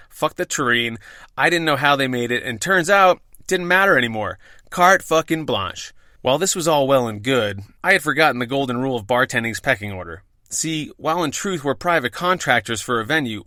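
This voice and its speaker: Profane, wry male storyteller with a bright voice. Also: medium pitch, dry recording, studio quality. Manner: profane, wry, dramatic pauses. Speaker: podcast host and bartender. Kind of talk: storytelling narration.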